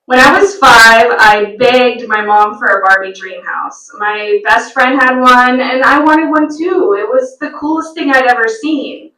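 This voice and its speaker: A woman performing stand-up comedy at a live event, telling stories in a slow, storytelling delivery. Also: fairly high pitch, bright, forceful tone. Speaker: stand-up comic. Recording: roomy venue sound from a distant mic.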